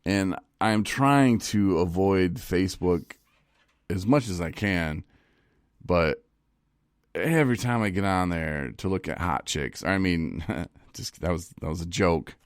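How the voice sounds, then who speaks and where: Man, very deep voice, dry close sound, halting casual monologue, choked up. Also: expressive, clean tone, no echo. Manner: halting, repeats words, laughs at himself. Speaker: recovery vlogger. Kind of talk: casual live-stream monologue. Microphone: phone.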